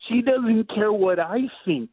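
High-voiced man telling stories on a tinny line. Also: unhurried, breathy edge, no room sound. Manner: animated, laughing as he acts out family stories. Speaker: stand-up comedian guest. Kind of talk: casual storytelling chat. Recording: tinny phone-like dry sound.

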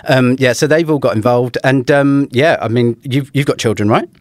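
A man's voice: medium pitch, moderate pace, no room sound. London-accented male podcast host, dry close mic, teasing banter. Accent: London English. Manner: teasing, self-mocking banter. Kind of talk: casual podcast chat.

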